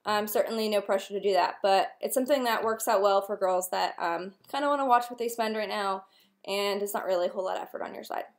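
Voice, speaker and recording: A woman's voice: medium pitch, fast. A young woman talking casually to camera as a nail wrap consultant, chatty and upbeat, with lots of filler ums. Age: young adult. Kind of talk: casual direct-to-camera vlog.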